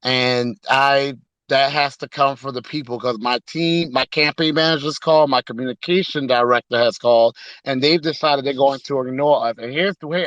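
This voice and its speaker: A man's voice: a little high, no room sound. Man, caller, earnest, urgent, dry, muffled lo-fi sound. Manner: earnest and urgent, repeats points. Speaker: political candidate calling in. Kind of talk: call-in guest talk.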